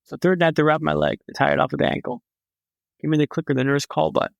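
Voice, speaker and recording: A young man tells his story in a raised, gravelly voice that keeps sliding into vocal fry. He is a vivid, dramatic storyteller with a wry sense of humor. The sound is close and dry, with no room around it. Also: a little high, steady tone, fast talker, no echo, muffled recording. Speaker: podcast guest. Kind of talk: storytelling in a conversation.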